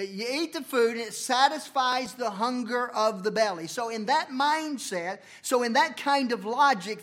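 Male preacher, high-pitched, dynamic delivery with big loud-to-soft swings. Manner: preaching with sharp swings from loud emphasis to near-murmurs. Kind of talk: sermon. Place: church.

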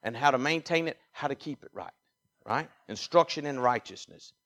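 A pastor from Mississippi with a Southern accent, preaching a sermon and swinging from quiet asides to loud, emphatic exhortation. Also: male voice, medium pitch, animated, moderate pace. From Mississippi, USA.

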